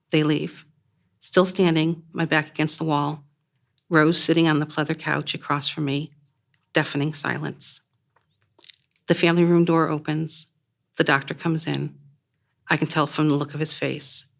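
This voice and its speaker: Woman with a gravelly voice reading her story. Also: low-pitched, little pitch movement. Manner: measured, plain storytelling delivery. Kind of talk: first-person literary reading.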